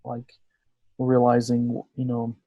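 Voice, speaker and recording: Guy in his 30s telling a story on a podcast, acts out the quotes, mellow voice, dry close sound. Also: medium pitch, slow, no room sound, muffled recording. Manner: lively storyteller who acts out quoted dialogue. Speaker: podcast guest. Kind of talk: personal storytelling in a conversation.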